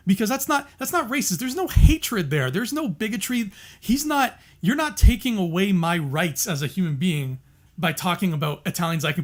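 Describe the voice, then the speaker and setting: A man with a notably high voice talks on a casual podcast, animated and emphatic. He laughs often and trips over his restarts as he argues his point with feeling. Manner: passionate, emphatic. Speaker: podcast co-host.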